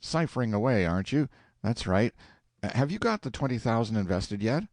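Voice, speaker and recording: A man's voice: medium pitch, expressive, brisk, darkish tone, no echo, clean studio sound, voice pushed up, natural voice. A man voicing an eager, impatient middle-aged husband in an audiobook, full of folksy exclamations. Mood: excited. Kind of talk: audiobook character voice.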